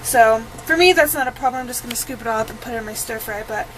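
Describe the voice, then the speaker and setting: Chatty high-voiced woman cooking at home. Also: fast, slight background noise, rough recording. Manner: chatty, with frequent ums. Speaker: home cook. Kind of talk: casual cooking tutorial.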